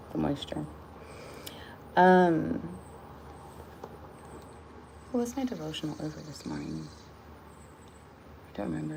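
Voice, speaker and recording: A woman vlogger with a low-pitched, creaky voice talks against a noisy background. She muses casually about her views before reading a short devotional aloud, meandering with soft laughs and restarts.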